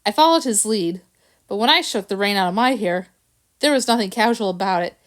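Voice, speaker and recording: A woman's voice: mid-range voice, expressive, a little fast. A woman reading a children's storybook aloud, narrating expressively and doing the characters' voices. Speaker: audiobook reader.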